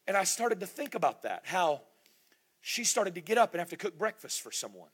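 A man in his thirties preaching a sermon in a large church room, building to shouted call-and-response and dropping to quiet storytelling. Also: high-pitched, big pitch swings, fairly quick, slightly rough. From grew up in the United States, born in Germany. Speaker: pastor.

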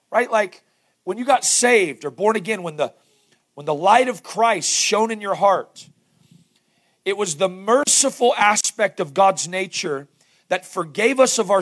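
A man with a Southern accent preaching a sermon, his voice hoarse and strained, asking the congregation questions as he goes. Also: sits high. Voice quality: gravelly. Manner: conversational preaching with rhetorical questions. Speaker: pastor.

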